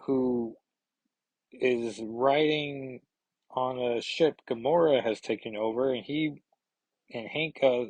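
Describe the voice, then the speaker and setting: Husky man casually recapping a comic. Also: mid-range voice, a little mellow, no room sound, rough recording. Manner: rambling, filler-heavy, reads dialogue in quick put-on voices. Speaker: comic book podcast host. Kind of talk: casual comic read-through with commentary.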